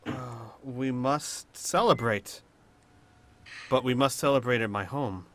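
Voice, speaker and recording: A man voicing a calm, scheming male psychic healer in a tabletop game, measured and soothing. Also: mid-range voice.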